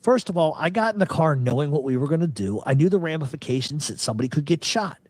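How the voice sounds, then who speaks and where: A man's voice: on the high side, lively intonation, fast, a little mellow, no room sound. Profane man rambling through a story. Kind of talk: casual storytelling.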